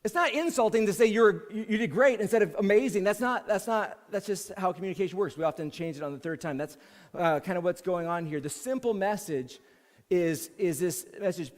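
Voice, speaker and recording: A senior pastor delivers a sermon conversationally, repeating key phrases for emphasis. His voice sits high with lively intonation at a moderate pace, and the recording carries a long hall reverb.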